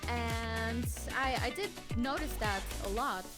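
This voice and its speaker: A woman's voice: a little high, slow, over loud music. A woman guest student reflecting on her practice hesitantly, with many fillers. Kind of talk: casual lesson talk.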